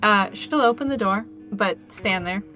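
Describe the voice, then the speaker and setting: A woman's voice: mid-range voice, moderate pace, pushed and bright. Woman tabletop player, mid-range voice, casual and hesitant, faint music bed. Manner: chatty, hesitant, filler-heavy questions.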